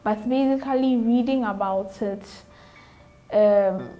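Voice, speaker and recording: Young Ghanaian woman, somewhat high voice, earnest, repeats herself, quotes remembered talk, soft music underneath. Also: slow. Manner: earnest, repeats phrases, acts out remembered dialogue. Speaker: interview guest, new mother. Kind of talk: candid personal storytelling.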